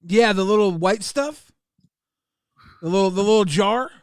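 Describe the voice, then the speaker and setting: A man's voice: high-pitched, measured pace, clean tone, dry recording, studio quality. A man hosting a casual streamed chat, often repeating words as he talks. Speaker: host.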